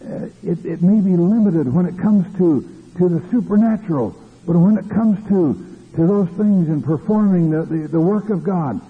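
A man's voice: on the high side, slightly rough. A man preaching a fervent sermon, stopping often for hallelujahs and restarting his phrases. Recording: tinny lo-fi old recording.

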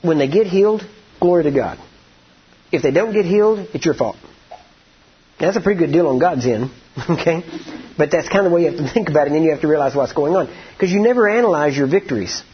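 A man's voice: a little high, expressive, quick pace, breathy edge, highs cut off. A man preaching a conversational sermon, often asking the congregation for agreement.

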